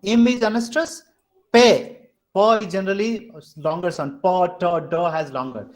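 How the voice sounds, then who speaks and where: A man's voice: sits high, steady tone, a little slow. A man with an Indian English accent teaching an online class over a video call, patiently repeating and counting things out step by step.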